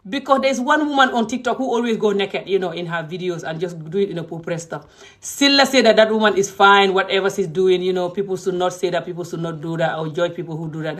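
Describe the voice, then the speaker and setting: A woman with a Gambian English accent giving a heated, indignant vlog rant that swings between shouting and low muttering. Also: fairly even intonation, brisk. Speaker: vlogger. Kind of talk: heated ranting monologue.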